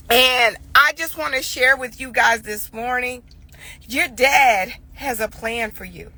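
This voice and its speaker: A mother in her forties speaks slowly in a slightly high, sharp voice, telling a family story. Earnest and emotional, it shifts into preaching a morning message, with repeated phrases for emphasis.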